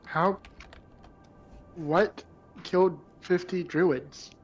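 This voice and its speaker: A man's voice: high voice, steady tone, extremely slow, dull audio, soft background music. A man playing in a tabletop game, asking curious, stumbling questions in casual chat. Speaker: player.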